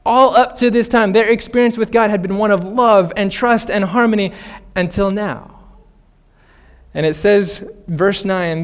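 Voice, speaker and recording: A man in his thirties preaching a sermon, animated, with playful asides and laughter. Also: high-pitched, a little slow, smooth. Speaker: pastor.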